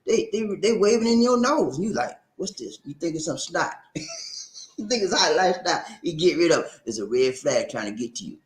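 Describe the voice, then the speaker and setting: Animated preachy man in an echoey room. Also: sits high, fairly quick. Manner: animated, preachy, laughs often, repeats phrases. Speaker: livestream host reading viewer comments. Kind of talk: casual livestream chat.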